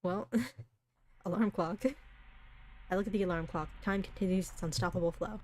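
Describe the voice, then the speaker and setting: A woman's voice: fairly low pitch, fairly even intonation, normal speed. A woman streamer reading a visual novel aloud, breaking into chatty, giggly asides between the lines. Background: soft background music.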